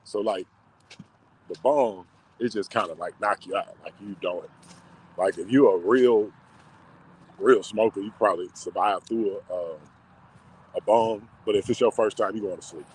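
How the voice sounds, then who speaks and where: A man's voice: lowish voice, moderate pace, long pauses, a little mellow, a little hiss or hum. A man in casual, emotional storytelling, talking in slang with many fillers. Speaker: vlogger. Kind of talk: casual personal storytelling to camera.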